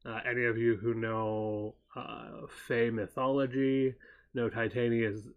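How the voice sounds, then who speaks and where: A man co-hosting a casual chat show, wandering through his thoughts and pausing to recall details. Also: mid-range voice, level tone, phone-quality sound. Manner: meandering, stops to recall details mid-sentence.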